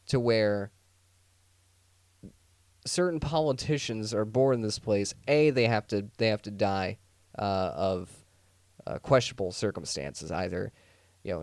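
A man's voice: on the low side, a little mellow, no echo. A man hosting a podcast, telling a true-crime story as a rambling, jokey monologue full of restarts and sarcastic asides. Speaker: podcast host.

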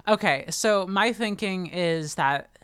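A woman's voice: fairly low pitch, slow pace, fairly bright tone, smooth, no room sound, clean studio sound. A woman co-hosting a casual book podcast, chatty and enthusiastic, swearing and restarting her sentences. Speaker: podcast co-host.

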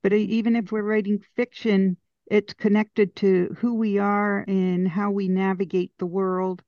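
A woman's voice: mid-range voice, little pitch movement, a little slow, no room sound, dull audio. A woman co-hosting a casual writing discussion, thoughtfully explaining ideas from a book she is reading. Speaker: co-host.

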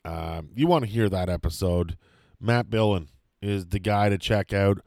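Low voiced guy hosting a podcast, lots of uhs, dry close mic. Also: normal speed, a little mellow, dry recording. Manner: hesitant, many fillers. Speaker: podcast host. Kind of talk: casual interview chat.

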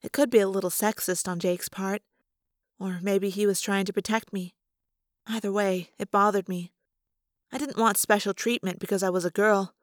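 A woman narrates a first-person novel chapter by chapter, telling the story in a steady, expressive way. Her voice sits at an ordinary middle pitch, and the recording is close and dry with no room sound. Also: moderate pace, no room sound. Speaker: audiobook reader.

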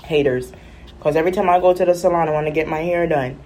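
Animated woman telling stories. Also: sits low, fast, rough recording. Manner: animated, chatty, acts out voices. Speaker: vlogger. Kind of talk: casual storytelling.

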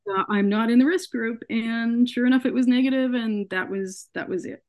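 A woman's voice: fairly high pitch, moderate pace, a little mellow. A woman, a podcast guest, earnestly telling a personal story and acting out what people said to her. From Canada. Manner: earnest, recounts events by acting out quoted dialogue. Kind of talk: personal story told in an interview.

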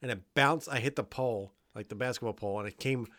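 A relaxed male podcast co-host who teases his partner and laughs easily. His talk is loose and full of swearing. The recording is dry, close and plain. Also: medium pitch, fast talker, dry recording. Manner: laid-back, teasing, laughs often, swears. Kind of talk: casual chat.

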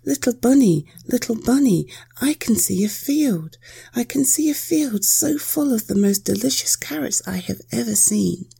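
A woman voicing an excitable little sparrow in a high, urgent whisper for a bedtime story. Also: extremely slow, exaggerated voice. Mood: excited. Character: small excitable bird, fluttery and bossy.

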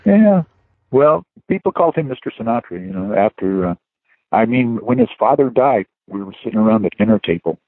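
A man's voice: medium pitch, huge pitch swings, a little fast, creaky, no room sound. A man, a guest musician, telling rambling anecdotes in a casual interview, full of chuckles and "you know" fillers. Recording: dry tinny phone line.

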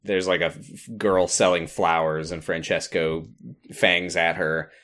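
A man's voice: low voice, steady tone, unhurried, a bit bright. A man co-hosting a podcast, recapping a TV episode casually and with amusement. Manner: amused, laughs while recapping. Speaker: podcast co-host.

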